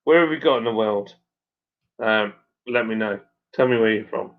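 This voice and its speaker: A man's voice: lowish voice, normal speed, narrow, tinny audio. A man hosting a casual live stream, chatting and reading out viewers' messages, sometimes tripping over names.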